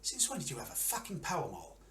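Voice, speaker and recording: A man's voice: on the high side, wildly swooping pitch, a little fast, far from the mic, noisy background, pitched above the performer's own voice. A man voicing a foul-mouthed female arena champion who talks bluntly and profanely. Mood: exasperated.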